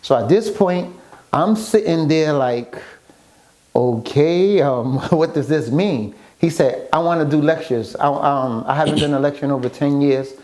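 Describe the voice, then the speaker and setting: A man's voice: on the high side, a little slow. A man telling his story in a casual interview, acting out what others said to him as he goes. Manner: animated storyteller acting out quoted dialogue. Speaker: guest, author and photographer.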